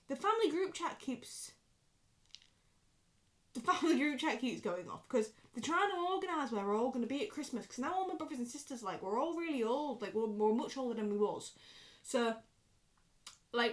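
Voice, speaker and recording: A British woman in her twenties ranting casually to the camera, swearing freely and going off on rambling tangents. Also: a little high. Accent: British English. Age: 20s. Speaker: vlogger.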